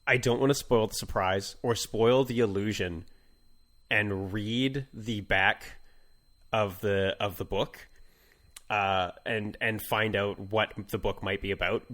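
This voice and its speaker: Guy rambling on a podcast, kinda low voice, lots of uh and like. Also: steady tone, a bit bright. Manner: rambling, halting with many fillers and restarts. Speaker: podcast co-host. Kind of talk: casual comedic chat.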